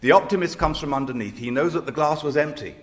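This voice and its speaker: This male rabbi from Israel, speaking on a panel, is thoughtful and deliberate, pausing hesitantly through his anecdotes. His pitch is a little high, with lively intonation.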